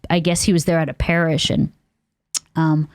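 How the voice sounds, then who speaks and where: A woman's voice: low voice, flat delivery, moderate pace, a little mellow, dry recording, studio quality. A young adult woman from Texas, a podcast guest, telling a candid personal testimony with many fillers and acted-out quotes. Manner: earnest, candid, many fillers, acts out what people said.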